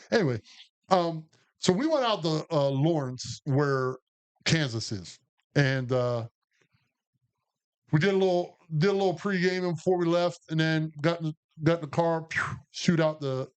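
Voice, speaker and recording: A man's voice: fairly high pitch, normal speed, clear, resonant tone. A man, co-hosting a podcast and telling a long, profane, rambling story full of restarts. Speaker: podcast co-host. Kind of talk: casual storytelling chat.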